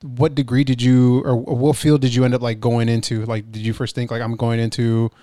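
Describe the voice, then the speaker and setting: A man's voice: medium pitch, little pitch movement, brisk, warm tone, dry recording, studio quality. A man hosting a casual interview, asking loose, rambling questions and swearing casually. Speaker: podcast host.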